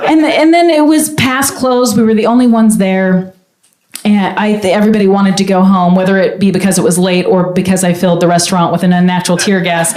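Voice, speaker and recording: A woman telling a stand-up comedy story, animated and jumping in pitch. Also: quick pace. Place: comedy club stage. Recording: echoey club room, audience noise.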